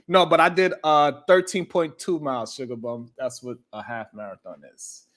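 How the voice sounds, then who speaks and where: Male talk-show host, casual storyteller, loud animated bursts, frequent swearing. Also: fairly high pitch, normal speed.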